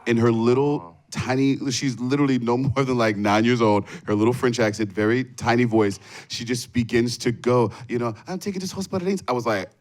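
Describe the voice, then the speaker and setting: A stage actor on a panel, telling a fan story in an easygoing, chatty way. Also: male voice, mid-range voice, level tone, normal speed, few pauses, darkish tone. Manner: easygoing, chatty, many fillers. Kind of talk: relaxed anecdote.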